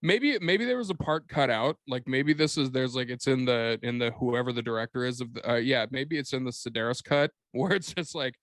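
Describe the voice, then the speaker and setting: A man trading jokes on a movie podcast, swearing freely and breaking into laughter. He acts out quick bits of dialogue as he goes. The recording is dry and close. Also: medium pitch, a bit bright, no echo. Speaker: podcast co-host. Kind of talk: casual comedic movie chat.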